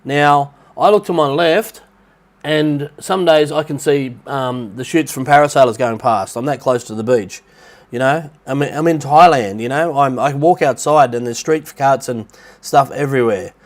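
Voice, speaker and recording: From a rented flat near a Thai beach, a middle-aged Australian man hosts a laid-back livestream at a normal speed and medium pitch. Nasal from a blocked nose, he rambles on chattily and greets his viewers by name.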